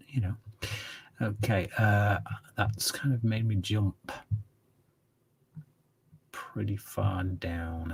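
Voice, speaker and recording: A man's voice: on the low side, takes it slowly, gravelly, pauses often, a little hiss or hum. A man hosting a casual livestream Q&A, rambling and opinionated, humming filler syllables while he reads the chat. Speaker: channel host answering viewer questions.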